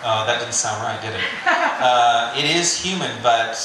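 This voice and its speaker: A man's voice: medium pitch, expressive, measured pace, noisy background. Man preaching in a very echoey room. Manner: conversational and joking, with filler "you know". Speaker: pastor. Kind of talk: sermon.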